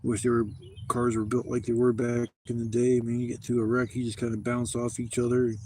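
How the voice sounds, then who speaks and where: A man's voice: mid-range voice, monotone, brisk, warm tone, a little hiss or hum. A man in his fifties telling rambling, profane stories in a casual vlog from a campsite. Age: 50s. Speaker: camping vlogger. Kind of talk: casual storytelling to camera. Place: outdoors at a campsite.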